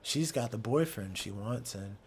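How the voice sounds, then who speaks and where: A man's voice: on the low side, animated, measured pace, a little hiss or hum. A man hosting a podcast in casual talk, earnest and stumbling over repeated words as he builds his points. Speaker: podcast host.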